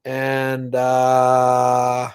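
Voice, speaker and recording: A man's voice: medium pitch, monotone, clear, resonant tone. A middle-aged man hosting a casual livestream, chatting with viewers in a rambling, heartfelt way and reading their comments. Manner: slow, rambling, emotional, prays aloud with viewers. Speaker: livestream host.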